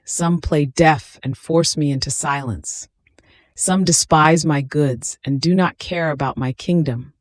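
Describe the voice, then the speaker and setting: A reader voicing a suffering infant Christ in a slow, tender, pleading devotional reading. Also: mid-range voice, no echo, studio quality, lightly acted.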